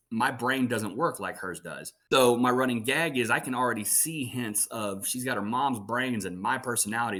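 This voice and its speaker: A man in his thirties, a voice actor guesting on an interview, telling family stories in an animated, chatty way. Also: fairly low pitch. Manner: animated storyteller. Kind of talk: casual interview chat.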